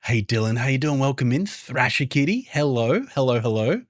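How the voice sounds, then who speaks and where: Speaking briskly and expressively at a medium pitch, the same Brisbane streamer and game developer greets viewers by name in a relaxed livestream chat. He frequently drops to a hush so the game can't hear him. The audio is studio quality, free of echo.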